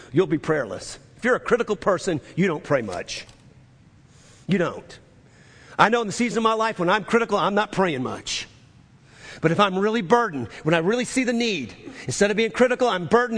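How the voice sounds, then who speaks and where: High lively preacher in a big hall. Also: male voice. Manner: emphatic, repeats key phrases, some shouted. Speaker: pastor. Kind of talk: sermon. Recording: long reverb of a large hall.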